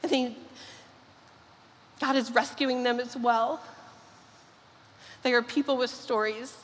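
A woman's voice: on the high side, fairly even intonation. A woman pastor preaching a sermon and leading a prayer, earnest and fervent. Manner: earnest, fervent, with quick bursts. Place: large church hall. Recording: long reverb of a church hall.

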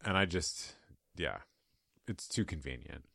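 A man with a very deep voice chats about a film on a podcast. He is hesitant, often restarting his sentences as he questions the plot. The recording is dry and close. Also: lively intonation, unhurried, gravelly, sharp tone, dry recording. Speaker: podcast co-host. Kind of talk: casual movie discussion.

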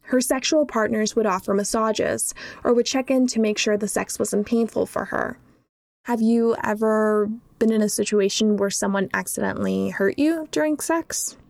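A woman narrating a documentary and putting interview questions in a measured way. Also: medium pitch, gravelly, darkish tone.

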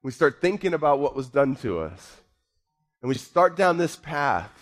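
A man preaching a sermon, moving from low, quiet musing to raised, emphatic points, slowing down and repeating words for emphasis. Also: sing-song, faint music behind. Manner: repeats himself, speaks slowly for emphasis. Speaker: pastor.

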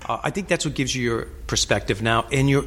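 A man's voice: medium pitch, fast talker. A man hosting a podcast interview, telling stories animatedly with frequent swearing and stumbling repeats. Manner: animated storyteller, swears freely, repeats words. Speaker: podcast host. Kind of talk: casual interview chat.

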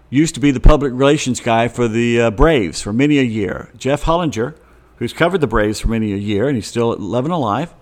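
A man hosting a casual sports talk show, rambling through stories with wry, chatty asides. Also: medium pitch.

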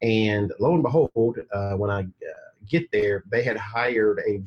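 A man with a Southern American accent, a guest telling his story in a casual podcast interview, animated, laughing often and acting out quotes. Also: lowish voice, measured pace, dull audio. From United States. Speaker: guest, agency coach.

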